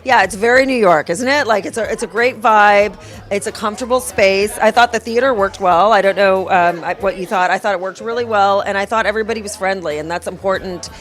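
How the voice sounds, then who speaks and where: A woman's voice: mid-range voice, fairly quick. A woman festival founder talking earnestly in a casual interview, rambling a little.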